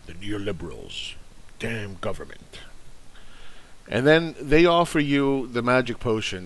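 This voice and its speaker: Angry, profane man ranting about money. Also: mid-range voice. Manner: angry, sarcastic, profane, mocking. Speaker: investing channel host. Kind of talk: ranting commentary.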